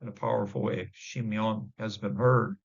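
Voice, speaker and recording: Halting man teaching, gravelly dull recording. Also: on the low side, level tone. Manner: halting, many fillers and restarts; sounds out Hebrew words slowly. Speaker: Bible teacher. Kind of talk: informal Bible word study.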